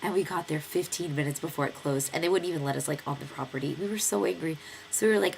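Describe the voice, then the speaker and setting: A woman's voice: low-pitched, fast, gravelly, slight background noise. A young American woman in her twenties with a stuffy nose from a cold, telling a long story in a chatty, rambling vlog with lots of fillers. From United States. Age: 20s. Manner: chatty, lively storytelling with many fillers and acted quotes. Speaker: vlogger.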